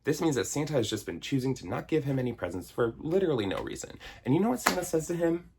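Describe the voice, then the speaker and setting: A man's voice: mid-range voice, big pitch swings, fast, vocal fry, a little mellow, slightly rough. A man in his thirties giving a sarcastic, exasperated comedic movie review rant, swearing and mimicking characters. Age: 30s. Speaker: video essayist.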